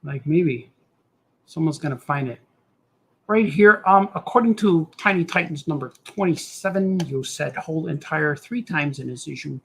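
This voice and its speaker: A middle-aged cartoonist hosts a live show, rambling goofily to himself while he draws and slipping into silly voices. His voice is gravelly and fairly high, at a moderate pace, with a little background noise.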